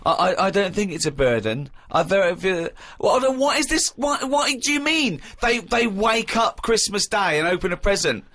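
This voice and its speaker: A man's voice: sits high, very animated, normal speed, hardly any pauses, pushed and bright. A man hosting a comedy podcast, teasing and exasperated, breaking into laughter easily. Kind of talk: comic studio banter.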